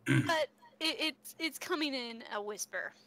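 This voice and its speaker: Slow-spoken woman running a tabletop game. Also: on the high side, sing-song, a bit bright. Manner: slow and deliberate, reading rules. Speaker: game master.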